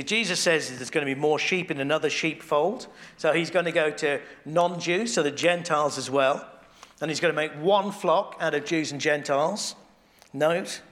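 A man with a somewhat raised pitch delivers a sermon in an easy, conversational way. He thinks aloud, doubles back on phrases, and sinks into a hushed, intimate tone when a point turns personal. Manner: conversational, thinking aloud with restarts and soft asides; drops to a quiet, intimate tone on devotional points. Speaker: preacher.

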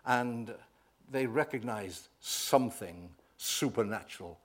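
A man preaching a sermon, swelling loud on key words and often asking the congregation "right?". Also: medium pitch, slow.

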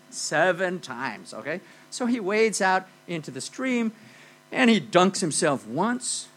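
A man preaching a sermon, telling a Bible story in a lively, conversational way and checking in with "okay?" often. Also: sits high, low-quality recording. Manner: animated storytelling with frequent "okay?" and "you know".

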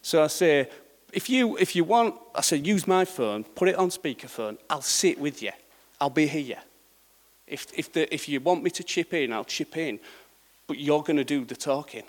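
A man's voice: fairly high pitch, lively intonation, moderate pace, big-room sound. A middle-aged man preaching a sermon in a conversational way, often checking in with the congregation. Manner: conversational, checks in with repeated "yeah?".

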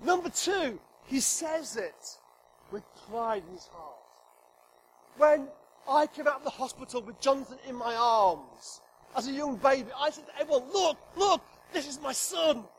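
High-voiced preacher, humorous and emphatic. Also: male voice, animated, moderate pace, a little hiss or hum, poor audio. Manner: humorous, emphatic, acts out God's voice. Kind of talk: sermon. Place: church hall with congregation.

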